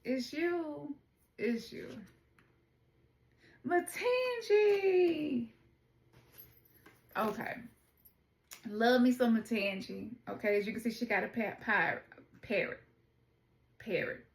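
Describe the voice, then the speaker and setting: A middle-aged woman with a Memphis Southern accent chats informally through an oracle card reading, calling her viewers y'all. Her voice has a gravelly edge. The sound is roomy, with a clear echo around her. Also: medium pitch, steady tone, measured pace, long pauses. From Memphis, Tennessee. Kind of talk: casual spiritual card reading.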